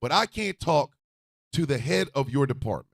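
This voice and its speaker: A man hosting a radio show, ranting in a profane, fiery way and often shouting. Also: medium pitch, big pitch swings, normal speed, gravelly, no echo, studio quality.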